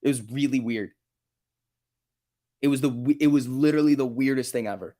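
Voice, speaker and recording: A man's voice: mid-range voice, a little fast, dark tone. A man hosting a casual stock market livestream, chatting and laughing often as he reads chat and tells stories. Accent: New Jersey.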